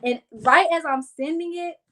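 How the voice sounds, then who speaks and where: Young woman from kansas city spilling a story while she crafts, bit high voice, really animated. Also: unhurried, low-quality recording. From Kansas City, Missouri. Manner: animated, chatty, acts out friends' lines in a higher voice. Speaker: vlogger.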